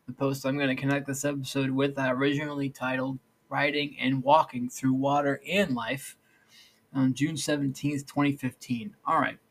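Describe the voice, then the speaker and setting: A man hosts a solo podcast, talking in a loose, rambling way with frequent restarts and lines like "all right, so." His medium-pitched voice stays level at a moderate pace, and the recording is low quality.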